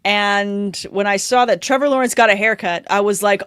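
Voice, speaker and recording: A woman's voice: medium pitch, moderate pace, few pauses, a bit bright, smooth, no room sound, clean studio sound. A young adult woman co-hosting a fantasy football podcast in casual chat, upbeat and talkative, laughing often.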